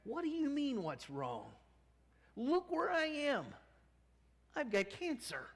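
A man voicing a bitter, frightened woman in her fifties who talks high, sharp and exasperated. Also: lively intonation, measured pace, exaggerated voice. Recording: long church reverb.

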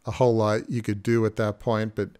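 A male podcast host with a lowish voice talks in a loose, rambling way. He thinks aloud as he goes, restarting his sentences and circling back to his point. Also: little pitch movement, brisk, a little mellow. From Australia. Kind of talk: conversational interview.

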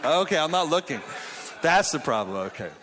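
A man's voice: fairly high pitch, big pitch swings, fairly quick, slight background noise. A man in his thirties giving a humorous conference sermon. He tells jokey family stories and then turns to earnest Bible teaching, speaking in a conference hall.

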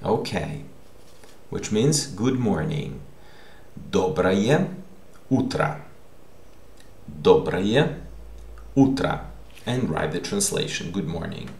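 Slow, deep-voiced gravelly male teacher. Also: sing-song, darkish tone. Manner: patient and explanatory, often checking with "okay?". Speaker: language teacher. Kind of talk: recorded online language lesson. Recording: echoey room.

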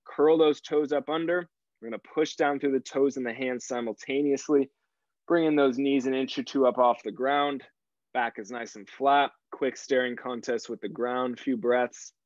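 A man's voice: medium pitch, steady tone, normal speed, dry recording. Upbeat male fitness coach, dry dull audio. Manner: upbeat coaching cues, encouraging. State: slightly out of breath. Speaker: fitness instructor. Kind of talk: live online workout class.

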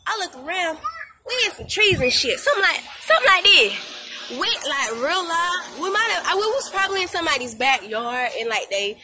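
A woman vlogger telling a story in casual slang, animated and laughing as she talks, recorded outdoors. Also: very high voice, brisk.

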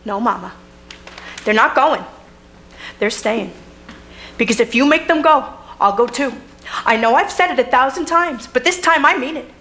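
An excitable, childlike grown daughter, eager and breathless with enthusiasm, as a woman plays her on stage. Her voice is high. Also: moderate pace, long pauses, full character voice. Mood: firm. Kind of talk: community theater stage acting. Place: theater stage.

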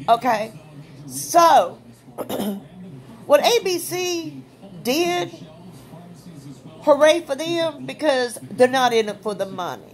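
A woman with a high voice vents to her viewers. She is blunt and heated and swears freely, in a casual opinion rant. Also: expressive, takes it slowly, long pauses. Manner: blunt, profane, fired-up. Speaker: vlogger.

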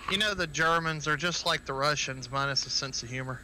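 A man's voice: a little high, brisk, pushed and bright, a little hiss or hum. A man streaming a flight game, chatting casually with his squad over a headset, laughing often and telling rambling stories. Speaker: streamer and helicopter pilot. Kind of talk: casual gaming voice chat.

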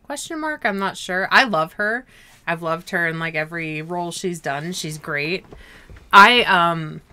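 A woman chats about a film with a co-host in a loose, animated way, her tone bright and forward, sitting a little low in pitch for a woman. She swears offhand and laughs her way through the recap. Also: unhurried. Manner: chatty, animated, swears casually. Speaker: movie review co-host. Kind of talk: casual chat.

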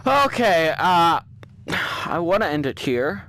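A man giving frightened, pleading commentary as he plays a horror game, often breaking into shouts. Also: high-pitched, wildly swooping pitch, measured pace, a little hiss or hum, low-quality recording. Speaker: gameplay video creator.

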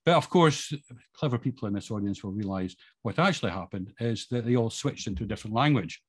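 Fast-talking middle-aged Scottish man. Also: fairly low pitch, animated, slightly rough. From Scotland. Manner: chatty, rambling, lots of ums and restarts; self-deprecating humour. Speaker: guest speaker. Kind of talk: informal talk to an audience with slides.

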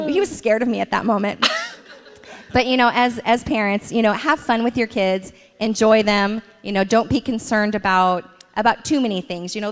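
Mom telling stories about her kids at church, laughs a lot, big hall echo. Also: mid-range voice. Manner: warm storytelling with frequent laughs. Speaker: mother interviewed at church. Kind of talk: church stage interview, storytelling. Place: church sanctuary. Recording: long reverb of a church hall.

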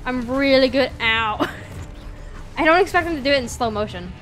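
A woman gives casual commentary on a video game in a high voice. She is goofy and playful and often shouts spell names. Faint music plays behind her. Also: animated, moderate pace. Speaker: gaming streamer.

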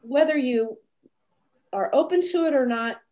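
A woman guest telling a story in an interview over a video call, lively and acting out what others said. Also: high-pitched, a little slow. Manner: animated, acts out quoted voices. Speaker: animal communicator guest.

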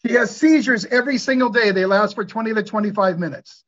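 A middle-aged man talks in a high voice as a guest in an interview. He tells stories earnestly and preaches a little, asking rhetorical questions. The recording sounds dull and lo-fi. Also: fast, a bit bright. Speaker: hyperbaric clinic owner, guest. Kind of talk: conversational interview storytelling.

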